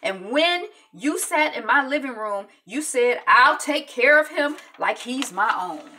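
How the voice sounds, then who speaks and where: A woman voicing an angry, protective father who talks in a loud, scolding way. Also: high-pitched, expressive, a little slow, distant mic, pitched above the performer's own voice, exaggerated voice.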